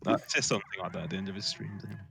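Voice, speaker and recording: A man's voice: low voice, steady tone, rapid-fire, vocal fry, pushed and bright. A man from the UK co-hosting a casual podcast livestream, rambling and self-mocking with some swearing. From United Kingdom. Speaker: podcast co-host.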